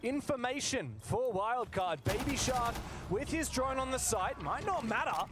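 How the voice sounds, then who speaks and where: Excitable high-voiced male esports caster. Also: unhurried, background noise. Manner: excitable, rising to shouts at big plays. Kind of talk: live esports commentary.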